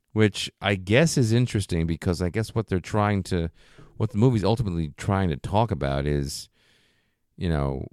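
A man's voice: deep voice, a little mellow, no room sound, clean studio sound. A man in a casual film discussion, thinking aloud in long, rambling sentences full of "you know" and "like". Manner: thoughtful, rambling, frequent fillers like "you know" and "like".

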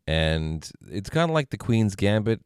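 A man's voice: on the low side, sing-song, measured pace, smooth, no room sound, studio quality. A man co-hosting a podcast, chatting about a movie in a casual, upbeat way. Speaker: podcast co-host. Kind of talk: casual movie review chat.

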